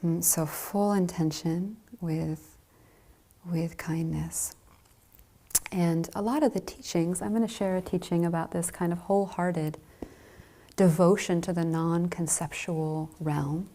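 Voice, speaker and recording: Soft-spoken, slow, breathy woman teacher. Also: fairly low pitch, fairly even intonation. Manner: slow, soft and gentle with light laughs. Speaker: Zen dharma teacher. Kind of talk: dharma talk.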